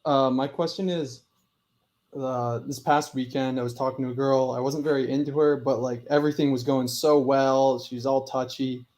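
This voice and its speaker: A man's voice: medium pitch, steady tone, normal speed, a little mellow. Hesitant young-sounding male caller. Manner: hesitant, filler-heavy questioning. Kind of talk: asking a question on a video call. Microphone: remote video call audio.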